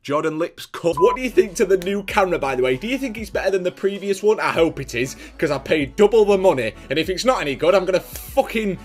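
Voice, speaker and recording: A man's voice: high-pitched, expressive, fast, hardly any pauses, over music. A young man vlogging casually, crude and joking, swearing constantly. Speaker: YouTuber. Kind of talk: casual vlog.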